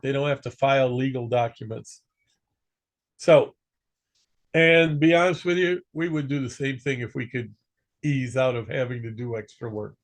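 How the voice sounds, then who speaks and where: A man teaching an amateur radio class in a casual, joking way, stopping to correct himself now and then. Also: a little high. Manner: chatty, joking, self-correcting. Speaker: instructor.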